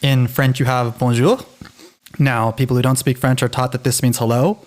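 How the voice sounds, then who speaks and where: A man's voice: medium pitch, level tone, moderate pace. A man co-hosting a linguistics podcast, chatting animatedly with frequent restarts. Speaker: podcast co-host. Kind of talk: casual educational chat.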